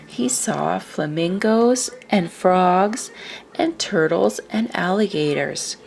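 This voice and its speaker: A woman reads a children's book aloud slowly and expressively. Her voice sits low with a slight gravel. Her pitch moves widely. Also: slight background noise. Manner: slow, expressive. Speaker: storyteller.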